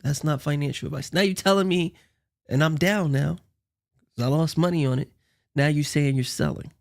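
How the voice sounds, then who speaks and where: Gravelly man riffing on clips. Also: fairly high pitch, moderate pace. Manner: joking, rambling asides. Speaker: commentary host. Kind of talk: casual reaction commentary.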